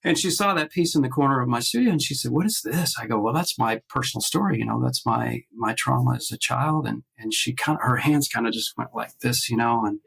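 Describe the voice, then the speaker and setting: A man speaking on a video call as a guest artist, telling stories haltingly with many fillers and restarts, acting out the voices of the people he quotes. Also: mid-range voice, gravelly, fairly bright tone, husky, low-quality recording. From based in Nashville. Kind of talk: casual interview storytelling.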